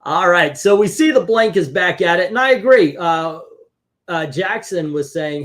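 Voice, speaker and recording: A man hosting a casual comic book review chat, talking in an animated, chatty way and laughing easily. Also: sits high, normal speed. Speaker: comic book show host.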